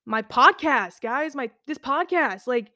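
Chatty young woman, higher voice. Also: animated, measured pace, bright, forceful tone, no echo, clean studio sound. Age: 20s. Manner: rambling, filler-heavy, lots of "like". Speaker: podcast host. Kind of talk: casual personal storytelling.

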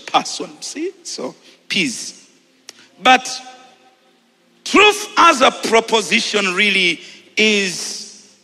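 A Ugandan man preaching a sermon, shouting and repeating phrases with exuberance, then settling into a relaxed storytelling tone. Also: sits high, creaky, breathy edge, in a large hall.

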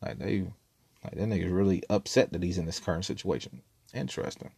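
Low-voiced man telling a rambling story. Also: brisk, gravelly, a little mellow, breathy edge, dry recording. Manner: laid-back, profane, rambling with frequent laughs. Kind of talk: casual storytelling monologue.

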